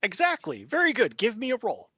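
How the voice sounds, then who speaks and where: A man running a tabletop role-playing game as game master, narrating briskly and cheering players on. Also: extremely high pitch, wildly swooping pitch, sharp tone, husky, no room sound. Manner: brisk, encouraging, laughs easily.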